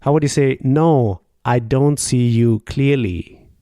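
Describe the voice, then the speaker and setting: A man's voice: mid-range voice, warm tone, dry recording, clean studio sound. A man teaching a language lesson, patiently asking questions and modelling the answers. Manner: explains slowly and patiently, models each answer. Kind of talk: slow, patient language lesson with pauses for the listener.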